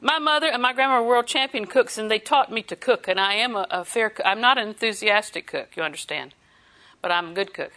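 Older lady preaching, bright voice, chatty and folksy, laughs a lot. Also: on the high side, fairly quick. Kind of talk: sermon.

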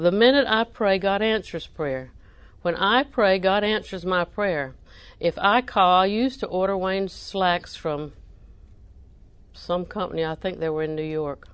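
A woman preacher, delivering a sermon with animated emphasis that rises to near-shouting. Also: mid-range voice, clean tone, no room sound.

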